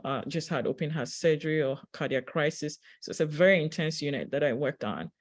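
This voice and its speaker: A woman giving a reflective spiritual talk, telling a personal story in a gentle, unhurried way with pauses and fillers. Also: sits low. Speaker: spiritual teacher; registered nurse.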